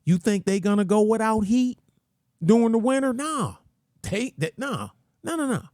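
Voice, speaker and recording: A man's voice: high-pitched, big pitch swings, moderate pace, darkish tone, dry recording, studio quality. A man hosting his own channel, ranting in a folksy, rambling, slangy way. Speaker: channel host. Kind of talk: casual rant commentary.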